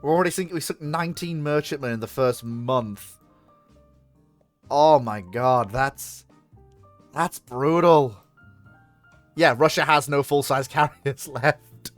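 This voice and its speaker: A streamer, commenting live on a strategy game and bursting into loud exclamations. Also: medium pitch, takes it slowly, pauses often, faint music behind.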